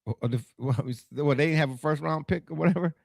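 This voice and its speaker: A man hosting a casual sports talk show, animated and teasing, laughing often. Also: on the high side, brisk, creaky, no echo, studio quality.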